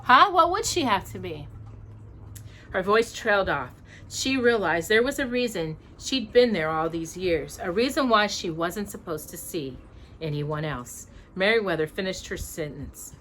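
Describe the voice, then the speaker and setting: A woman reading a storybook aloud to her child in an expressive way, pausing to ask her questions. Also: fairly low pitch, slight background noise.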